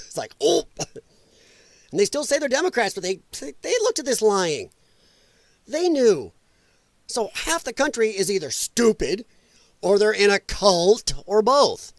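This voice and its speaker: A man's voice: high-pitched, very animated, measured pace, dry recording. A male livestream host giving blunt, mocking political commentary with a casual, ranting delivery.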